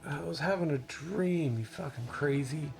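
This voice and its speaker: A man's voice: medium pitch, normal speed, gravelly, fairly bright tone. A man voicing an eager, rash young male soldier who talks bluntly and swears. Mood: irritated.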